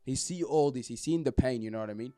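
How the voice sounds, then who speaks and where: Quick, earnest man in casual chat. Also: medium pitch, dark tone. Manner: earnest, hedging with "you know what I mean". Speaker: podcast co-host.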